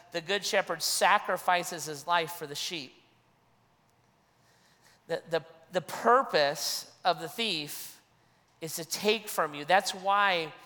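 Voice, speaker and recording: Guy preaching a sermon, tense bright voice, keeps repeating himself, long hall reverb. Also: high-pitched. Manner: earnest preaching with frequent restarts and repeated phrases. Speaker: pastor.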